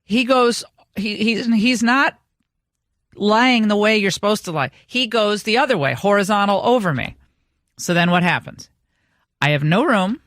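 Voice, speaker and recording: A woman's voice: medium pitch, a little slow, fairly bright tone, no room sound. Woman radio host, middle-aged, chatty storyteller, dry booth sound. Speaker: radio talk show host. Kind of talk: casual radio talk. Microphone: studio microphone.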